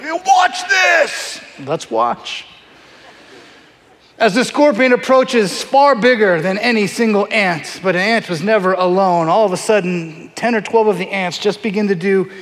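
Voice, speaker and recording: A middle-aged male pastor with a high voice delivers an animated, story-driven sermon, slipping into voices as he acts out the scene. His voice rings with the long reverb of a large hall.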